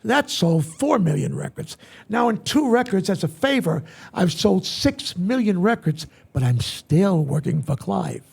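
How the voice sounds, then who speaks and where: An older man spins animated stories as an interview guest. His voice sits high for a man and is heavily gravelly. It is husky rather than clear. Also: measured pace. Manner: lively, acts out other people's lines. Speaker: guest entertainer. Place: event venue interview set.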